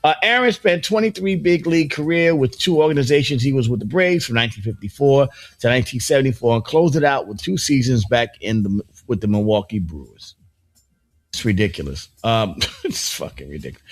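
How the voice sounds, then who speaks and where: A man's voice: mid-range voice, sing-song, fairly quick, dry recording. A middle-aged man hosting a morning show in casual banter, rambling and joking with many restarts and asides. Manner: playful, joking.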